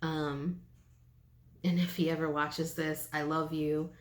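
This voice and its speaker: A young woman talking to camera in a personal vlog, teary and halting, with many pauses and fillers. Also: deep voice, level tone. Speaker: vlogger. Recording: echoey room, faint ambient noise.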